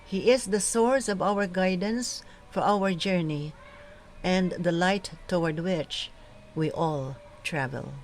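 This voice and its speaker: Woman, lector coach, low-pitched voice, slow deliberate scripture reading, faint background noise. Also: low-quality recording. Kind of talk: scripture reading and proclamation tips.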